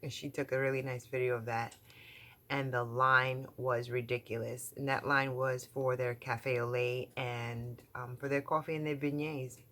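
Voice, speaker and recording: A woman's voice: extremely low pitch, little pitch movement, moderate pace, fairly bright tone. A middle-aged woman vlogging from home in casual chat, talking in a chatty, emphatic way with lots of fillers and repeated words. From New York.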